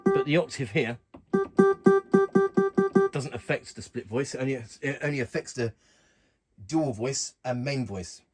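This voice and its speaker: A man casually walking through keyboard functions in a relaxed, plain way, talking while he presses buttons. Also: mid-range voice, a little slow, pauses often, over music. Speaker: keyboard tutorial host. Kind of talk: casual instructional walkthrough.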